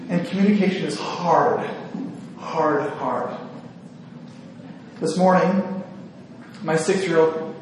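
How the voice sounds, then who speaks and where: A man's voice: a little high, steady tone, slow, a little hiss or hum. A man, a psychiatrist, giving an earnest, self-deprecating talk to a gathering, a little nervous and restarting his sentences. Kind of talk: speech to a women's gathering. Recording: echoey hall, distant mic.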